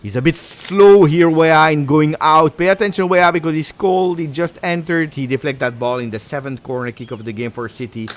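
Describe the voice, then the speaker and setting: Excitable Italian man commentating a match. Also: fairly high pitch, moderate pace, hardly any pauses. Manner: excitable, switches into Italian exclamations, talks to chat. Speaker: fan streamer doing live match commentary. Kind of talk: live watch-along match commentary.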